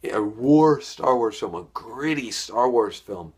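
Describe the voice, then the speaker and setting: A man's voice: mid-range voice, lively intonation, slow, slight background noise. A young man giving a casual, enthusiastic spoken film review, rambling and repeating words as he goes. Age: young adult.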